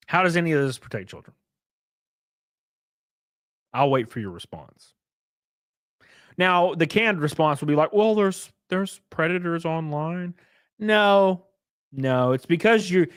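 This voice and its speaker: A man's voice: on the high side, a bit bright, no room sound, studio quality. A man hosting a casual commentary stream, ranting sarcastically and swearing freely. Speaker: streamer host.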